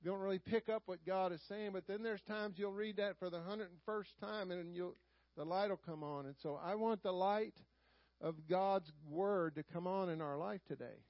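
A man's voice: high-pitched, normal speed, no echo, dull audio. A man with a Southern drawl, preaching a folksy sermon and calling out "Amen?" to the congregation.

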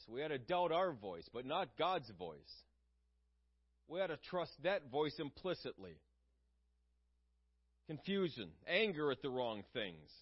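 Guy preaching, earnest chatty sermon, kinda high voice, muffled lo-fi recording. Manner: earnest, conversational preaching with rhetorical questions.

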